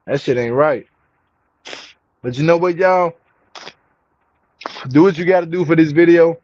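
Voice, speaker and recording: Unhurried and slightly high-voiced with a darkish tone, this young man records a casual vlog commenting on reality TV. He addresses viewers in slang, repeats himself for emphasis, and is getting angry; the home recording is dull, dry, and lo-fi.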